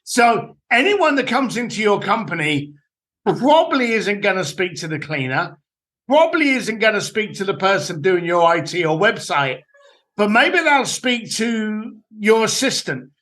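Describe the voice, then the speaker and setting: Animated man, high lively voice. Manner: animated, blunt, swears casually. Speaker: guest, entrepreneur and author. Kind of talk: podcast interview, storytelling advice.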